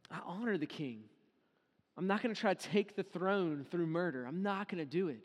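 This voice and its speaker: Animated high-voiced man preaching in a hall. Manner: animated storytelling, acts out quoted lines in casual speech. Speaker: pastor. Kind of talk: sermon. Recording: long hall reverb.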